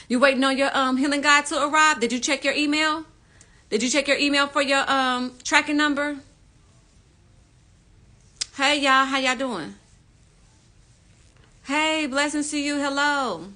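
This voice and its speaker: A woman with a bright, forward voice hosts a casual phone livestream from home. She greets viewers warmly with "y'all" and then speaks earnestly and bluntly about anger and healing, dropping in a curse word here and there. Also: high-pitched, steady tone, a little slow, long pauses. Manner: casual, swears freely, uses "y'all". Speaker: livestream host, spiritual teacher. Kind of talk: casual livestream chat and spiritual talk.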